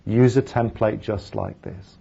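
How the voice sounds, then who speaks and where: A man's voice: lowish voice, huge pitch swings, unhurried, gravelly, dark tone, breathy edge, highs cut off. A male English teacher gives a recorded lecture over slides, explaining each step and then modelling sample sentences aloud.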